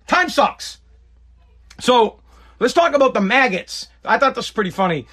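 With a very high, sharp voice that is very animated, this podcast host in his thirties speaks at a moderate pace. His talk is a casual rant full of profanity and repetition.

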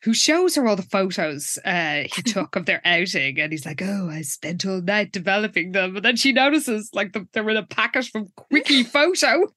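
Bright, wry woman narrating plot. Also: medium pitch, sing-song, moderate pace, few pauses, dry recording. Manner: dry, wry narration of plot with sarcastic asides. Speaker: podcast co-host. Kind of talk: casual chat recapping a TV episode.

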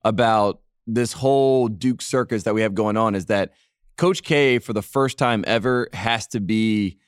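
A man's voice: fairly low pitch, measured pace, clean tone, no room sound, clean studio sound. A young man co-hosting a sports podcast, joking and opinionated in a wry way. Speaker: podcast co-host. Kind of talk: casual sports chat.

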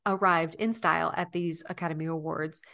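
A woman's voice: sits low, fairly even intonation, fairly quick, gravelly, pushed and bright. A woman in her thirties co-hosting a podcast, chatting casually and reading snippets aloud. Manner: laughing, chatty, reads article snippets aloud. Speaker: podcast co-host. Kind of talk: casual chat.

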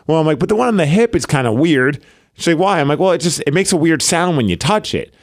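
A man co-hosting a podcast in casual chat, an animated storyteller who laughs often. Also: on the high side, quick pace, no room sound, clean studio sound. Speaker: podcast co-host.

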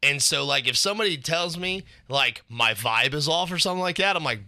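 A man's voice: a little high, animated, brisk, few pauses, sharp tone, no echo, clean studio sound. A young man co-hosting a podcast, telling stories in a laid-back, profane way and acting out the quotes. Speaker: podcast co-host. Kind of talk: casual storytelling chat. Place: studio.

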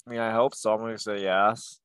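Smooth-voiced man, hesitant podcast co-host. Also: fairly low pitch, little pitch movement, a little fast, a bit bright, no room sound. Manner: hesitant, filler-heavy, joking. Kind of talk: casual sports podcast chat.

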